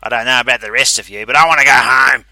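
A man voicing an irritable, indignant middle-aged man who shouts his complaints. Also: mid-range voice, a little fast, no room sound, voice pushed up, poor audio. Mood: exasperated. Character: irritable middle-aged man among look-alike doubles.

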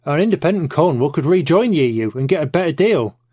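A cantankerous elderly man, fiercely proud and spoiling for a fight, his voice raised and strained with bluster, as a male reader takes him on. He talks in loud, indignant bursts that sit well above a plain speaking voice. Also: on the high side, expressive, fast, slightly rough, voice pushed up.

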